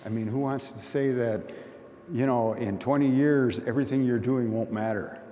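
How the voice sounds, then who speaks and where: A man's voice: mid-range voice, fairly even intonation, normal speed, warm tone. A man giving a conference talk in a plain, folksy storytelling manner. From Oneida community. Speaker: conference speaker. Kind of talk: conversational talk. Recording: long hall reverb, faint noise.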